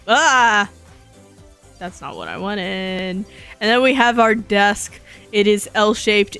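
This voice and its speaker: Sleepy, slow-talking playful woman streamer. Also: mid-range voice, clear, resonant tone. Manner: playful, rambling, self-joking. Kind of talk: casual live-stream chat while 3D modeling.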